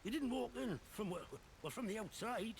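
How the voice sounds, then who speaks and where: An actor voicing a wary, chatty male survivor in a game, with a gravelly, rambling way of talking. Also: high-pitched, lively intonation, moderate pace, slight background noise. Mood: wary chatter. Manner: rambling, gossipy, suspicious of strangers. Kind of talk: video game dialogue.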